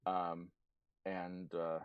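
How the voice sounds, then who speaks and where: A man runs a tabletop game with a fairly low voice, narrating in a relaxed, amused way full of little fillers. The sound is dry and close to the mic. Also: very slow, clean tone, no echo, muffled recording. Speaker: game master.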